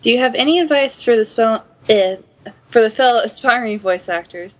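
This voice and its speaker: A woman's voice: fairly high pitch, normal speed. A woman co-hosting a casual podcast interview, offering encouraging advice. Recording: dull lo-fi recording.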